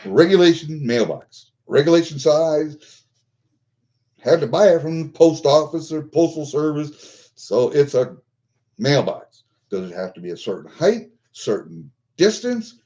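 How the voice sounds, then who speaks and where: A man's voice: on the high side, animated, slow pace, long pauses, dark tone. An older American man venting angrily on a vlog, swearing constantly. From United States. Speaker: vlogger.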